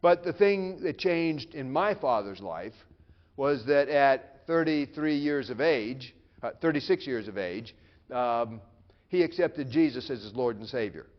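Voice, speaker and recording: A man preaching a sermon as pastor, earnest and emphatic, dropping to a hush and then building with dramatic pauses. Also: medium pitch, animated, lo-fi sound.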